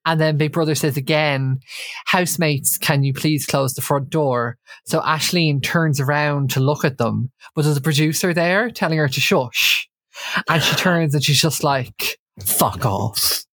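Woman host, low voice, dry close sound, chatty recap storyteller. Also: moderate pace, no room sound. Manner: animated storyteller, acts out quotes. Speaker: podcast host recapping a reality show. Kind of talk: casual chat.

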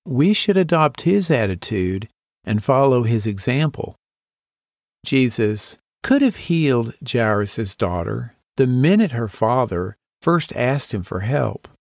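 A man's voice: medium pitch, darkish tone, no echo, studio quality. A man hosting a devotional podcast, teaching through a Bible story in a reflective way and asking listeners to picture themselves in it. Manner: reflective, asks the listener to imagine the scene.

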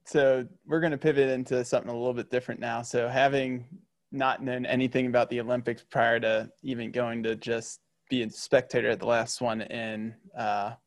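A man's voice: medium pitch, flat delivery, dry recording. Casual male interviewer, dry sound. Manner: laughs often, quick follow-up questions. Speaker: podcast host.

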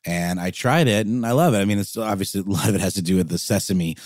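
A man co-hosting a podcast, talking in a rambling, jokey, animated way. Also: low voice, fast talker, no echo, studio quality. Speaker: podcast co-host. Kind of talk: casual chat.

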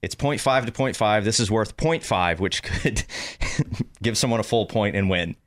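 A man's voice: fairly low pitch, moderate pace. A man working as producer on a radio show, teasing the hosts and running a quiz. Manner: teasing, lively. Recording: music playing under the voice.

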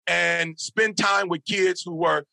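A middle-aged man speaks as a motivational speaker on a podcast, with a high voice and a gravelly, sharp edge. He tells his stories emphatically, like a preacher, hammering home phrases by repeating them. The sound is close and dry. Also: fairly even intonation, slow, dry recording. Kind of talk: animated storytelling in a podcast interview.

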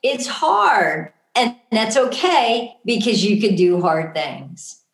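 A woman's voice: medium pitch, sing-song, slow. Upbeat coaching woman in a roomy space. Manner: upbeat, coaching, says "right?" often. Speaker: podcast co-host. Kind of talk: casual motivational chat.

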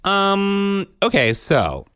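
Animated man rambling on a podcast. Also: sits high, drawn-out words, smooth, no echo, clean studio sound. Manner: rambling, self-interrupting, earnest. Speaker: podcast co-host. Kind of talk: casual chat.

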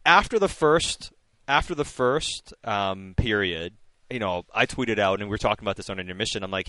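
A man's voice: fairly low pitch, animated, normal speed, bright, forceful tone, dry recording. A male radio host chatting loosely about a hockey game, laughing and restarting sentences as he reads out listener texts. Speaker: radio postgame show host. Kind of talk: casual sports radio chat.

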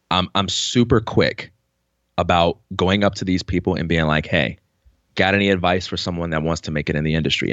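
A man's voice: lowish voice, no echo, muffled recording. A man telling stories about his career in a casual interview, acting out the voices of people he quotes. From New York. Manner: animated storyteller, acts out quoted voices. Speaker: podcast guest.

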